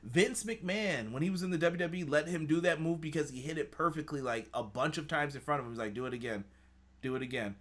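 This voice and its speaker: A man hosting a casual show review, animated, swearing freely and acting out other people's lines. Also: on the high side, fast, few pauses. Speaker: show host reading chat. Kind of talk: casual wrestling review chat.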